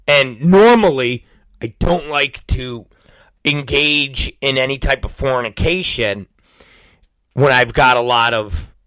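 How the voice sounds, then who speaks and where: A man in his forties hosting a talk show, telling a crude story with repeated words and sudden shouted exclamations. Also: medium pitch, slow pace, dry recording. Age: 40s. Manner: vulgar, repetitive, bursts into shouted exclamations. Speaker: podcast host. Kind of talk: crude comedic monologue.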